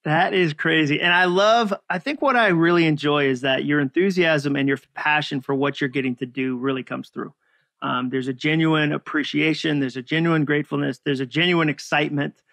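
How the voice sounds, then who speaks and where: A man's voice: a little high, steady tone, fairly quick, vocal fry, fairly bright tone, no room sound. A man hosting an interview podcast, affirming his guest and asking reflective questions. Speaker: podcast host.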